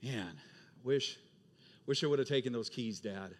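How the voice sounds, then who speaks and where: A man voicing a regretful grown son who confesses his mistakes in a low, subdued tone. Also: unhurried, close to an everyday voice.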